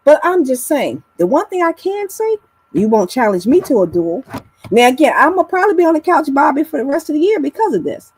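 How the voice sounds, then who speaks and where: A woman's voice: a little fast, a little hiss or hum, rough recording. A woman on a live online panel, chatting casually in a teasing, blunt way with some swearing. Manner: animated with big pitch swings. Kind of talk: casual live-stream chat.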